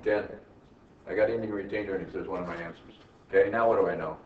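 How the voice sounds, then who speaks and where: A man's voice: deep voice, fairly even intonation, fast talker. A man teaching accounting to a class, peppering students with "right?" questions and wry teasing jokes. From United States. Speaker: accounting instructor. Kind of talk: classroom lecture. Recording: echoey classroom from far off, muffled, faint hiss.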